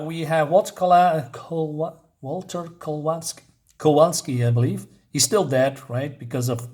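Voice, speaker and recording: A man casually reviewing a comic book issue, rambling and hesitant with lots of fillers. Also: mid-range voice.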